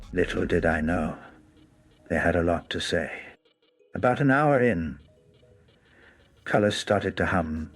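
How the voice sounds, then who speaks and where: Deep-voiced man narrating a wry story.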